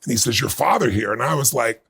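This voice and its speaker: A middle-aged man being interviewed, telling a personal story in earnest and building to bursts of excitement. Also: mid-range voice, quick pace. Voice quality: gravelly, husky. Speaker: guest.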